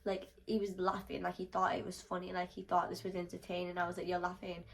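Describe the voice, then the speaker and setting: A young woman telling a storytime vlog, animated and swearing freely as she acts out the quotes. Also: fairly low pitch, fast, vocal fry, poor audio.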